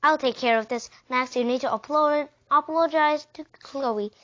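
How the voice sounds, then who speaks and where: A woman's voice: sits high, moderate pace, a bit bright. A woman doing a firm, patient schoolteacher. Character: patient female schoolteacher, firm but kind. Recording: dull lo-fi recording.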